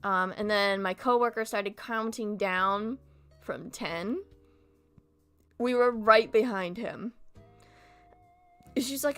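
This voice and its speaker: A woman's voice: mid-range voice, takes it slowly, long pauses, a bit bright, clean tone, soft background music. A young woman chatting casually and candidly with her viewers, venting and swearing, and sometimes stumbling over words because of a speech impediment. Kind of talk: casual chat.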